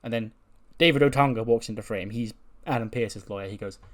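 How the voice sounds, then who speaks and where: A man's voice: mid-range voice, a little fast. A man casually retelling a wrestling storyline he booked, briefly voicing the characters as he goes. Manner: animated, briefly voices characters while recapping. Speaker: wrestling sim game streamer.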